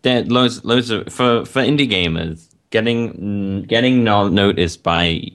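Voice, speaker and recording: A man's voice: fairly low pitch, a little slow, fairly bright tone, clear, resonant tone. A man co-hosting a podcast in casual chat, often restarting his words. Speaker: podcast co-host.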